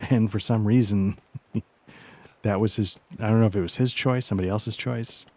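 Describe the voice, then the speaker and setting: A man's voice: on the low side, fairly even intonation, moderate pace, darkish tone. A man hosting a let's play, chatting casually and rambling through self-deprecating asides while he games. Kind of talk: casual commentary while gaming.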